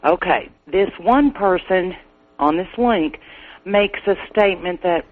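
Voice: medium pitch, unhurried. A caller chatting with a show host, talking casually, with many hesitations and fillers. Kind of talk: casual call-in chat. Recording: tinny phone line.

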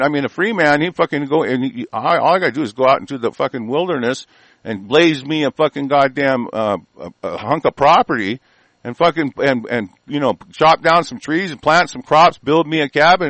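Enraged profane male ranter, slightly high voice, stammering, dry close recording. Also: dry recording, rough recording. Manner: shouting, cursing, stammering repetitions. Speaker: ranting commentator. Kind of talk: profane angry rant.

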